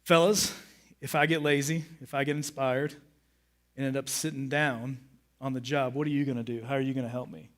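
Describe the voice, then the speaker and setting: A middle-aged man preaching a sermon on a church stage, animated and acting out his own moods for the congregation. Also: mid-range voice, fairly quick. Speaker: pastor.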